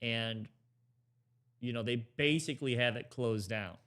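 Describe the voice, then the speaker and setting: A man's voice: medium pitch, a little slow, a bit bright, clear, resonant tone. A man co-hosting a podcast, talking current affairs in a casual, rambling way, with lots of restarts and hedges. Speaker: podcast co-host.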